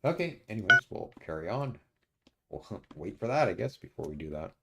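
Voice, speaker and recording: Gravelly man muttering through a strategy game. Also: lowish voice, big pitch swings, sharp tone, a little hiss or hum. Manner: muttering to himself, halting with many uhs. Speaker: streamer playing a strategy game. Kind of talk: casual let's-play commentary.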